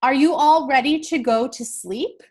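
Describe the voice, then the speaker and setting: A woman voicing a gentle, patient papa chicken in a storybook read-aloud. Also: sits high, measured pace, voice pushed up.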